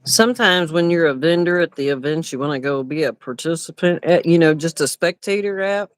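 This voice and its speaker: A woman's voice: low-pitched, lively intonation, a little fast, no echo. A middle-aged woman chatting on a livestream while she packs for a market. She talks in a loose, rambling way, sometimes with her mouth full. The sound is dry and close, with little room in it. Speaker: craft vendor and livestream co-host. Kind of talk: casual chat.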